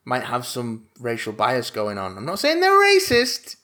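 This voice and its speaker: A man's voice: mid-range voice, wildly swooping pitch, a little slow, sharp tone. A man in casual film talk, wry and sarcastic in his asides. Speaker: podcast co-host.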